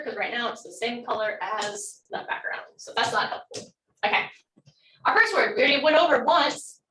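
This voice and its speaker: A woman's voice: fairly high pitch, pushed and bright, echoey room, recorded from a distance, rough recording. A woman teaching a language class online, upbeat and encouraging as she models words for students to repeat.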